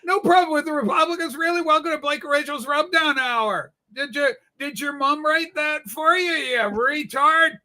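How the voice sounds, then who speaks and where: A man co-hosting a political livestream, mocking and profane, talking loudly in crude banter. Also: extremely high pitch, normal speed, hardly any pauses.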